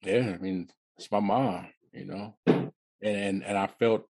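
A man in his fifties, originally from Detroit, telling his life story as an interview guest in a halting way, often repeating and restarting words. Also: fairly low pitch, fairly even intonation, darkish tone, dry recording. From Detroit, USA.

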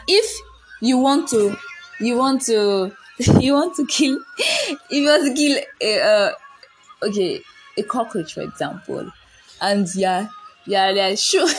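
A woman's voice: mid-range voice, poor audio. A woman giving a faith-based motivational talk, emphatic and commanding, repeating her points and laughing often.

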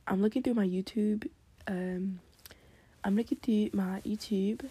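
A woman's voice: medium pitch, steady tone, unhurried, mellow, slightly rough. Whispery, rambling late-night teen girl. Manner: scattered, drifts into whispered asides; breathless exclamations and giggles. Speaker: vlogger.

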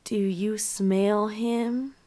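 A woman voicing a creepy possessed little girl who speaks slowly and eerily while retelling a horror film. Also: medium pitch, fairly even intonation, mellow.

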